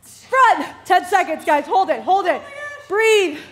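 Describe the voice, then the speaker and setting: Very high-voiced energetic woman fitness coach. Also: takes it slowly. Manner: energetic, encouraging, calling out counts and moves. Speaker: fitness instructor. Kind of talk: leading a workout class.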